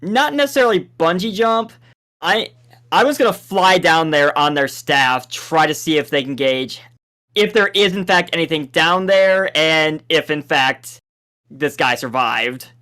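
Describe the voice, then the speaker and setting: A man who is a player in a tabletop game, speaking in a measured, thoughtful way. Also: a little high, lively intonation, pushed and bright. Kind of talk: tabletop role-play chat.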